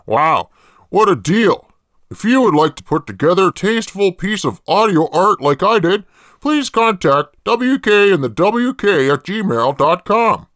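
A man playing a creepy jailed male killer in a comedy parody ad, rambling deadpan and swearing a lot. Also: high-pitched, unhurried, no room sound, clean studio sound, full character voice.

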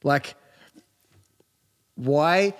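A man's voice: fairly high pitch, extremely slow. A man with an Australian accent, bantering bluntly and sardonically with a co-host, swearing often. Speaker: podcast co-host. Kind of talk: casual banter. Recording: roomy long reverb.

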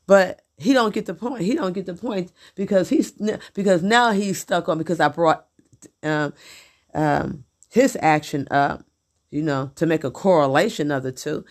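Gravelly-voiced middle-aged woman venting. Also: lowish voice, normal speed. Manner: blunt, repetitive, exasperated. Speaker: vlogger. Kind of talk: profane venting monologue.

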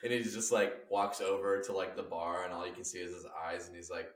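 A man's voice: sits low, steady tone, fairly quick, very noisy. A young man in casual chat, rambling and acting out silly scenarios with lots of laughter. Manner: rambling, acts out bits, laughs a lot.

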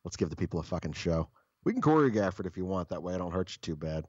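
A man's voice: low voice, sing-song, fast, darkish tone, slightly rough, dry recording, highs cut off. A man co-hosting a podcast, telling casual stories in a blunt, profane, joking way. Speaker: podcast co-host. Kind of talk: casual storytelling chat.

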